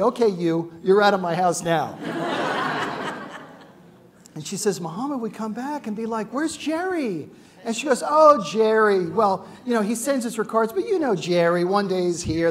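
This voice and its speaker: A middle-aged man giving a ceremony speech, telling animated stories with frequent "uh" fillers and acting out the quotes. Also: on the high side, a little hiss or hum. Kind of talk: storytelling speech to an audience.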